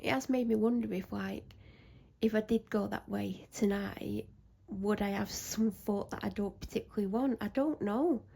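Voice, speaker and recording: Gravelly-voiced anxious woman rambling. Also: mid-range voice, moderate pace, mellow. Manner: anxious, self-interrupting, rambling. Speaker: vlogger. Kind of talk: casual rambling chat.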